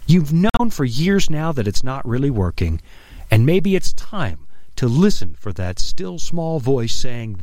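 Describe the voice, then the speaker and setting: A middle-aged man preaching an earnest, emphatic radio sermon, dropping his voice low on key phrases. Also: big pitch swings, unhurried, dark tone, no echo. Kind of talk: broadcast sermon.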